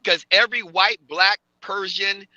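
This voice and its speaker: A man's voice: high voice, fairly even intonation, measured pace, pushed and bright, dry recording, dull audio. A man in a casual podcast chat, hesitant, often restarting his sentences.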